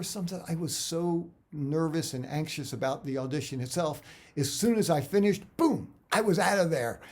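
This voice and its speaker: A man's voice: a little high, a little mellow. A man, an actor and acting coach, speaking conversationally to camera and explaining auditions with examples. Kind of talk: instructional talk to camera.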